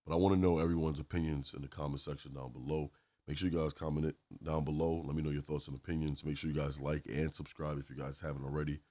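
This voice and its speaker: A man with an extremely deep, low voice talks through an opinionated reaction commentary. He hammers his points by repeating phrases, in the easy tone of a channel host speaking to viewers. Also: warm tone.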